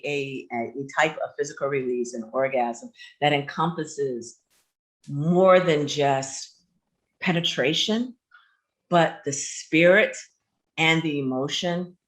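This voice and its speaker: A woman hosting a radio talk show, telling a personal story in an animated, candid way. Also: on the low side.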